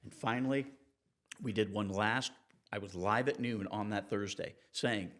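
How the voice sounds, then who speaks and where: A man, a TV reporter and interview guest, telling anecdotes in a relaxed, animated way and acting out the people he quotes. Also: a little slow. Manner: animated, acts out quoted people with raised pitch. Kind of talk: conversational storytelling in an interview.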